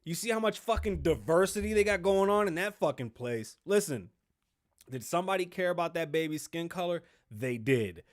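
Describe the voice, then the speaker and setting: Brash, swearing, high-voiced male host. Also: lively intonation, normal speed. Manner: brash, rambling, heavy swearing. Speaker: show host. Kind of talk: profane comedic commentary.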